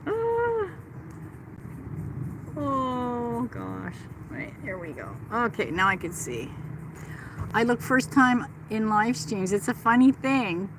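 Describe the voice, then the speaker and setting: Her pitch runs on the high side and has a sing-song lilt, slow and full of frequent pauses, against a noisy backdrop. She's a middle-aged host strolling through a park, phone held out, gushing and chatting as she responds to people watching her livestream.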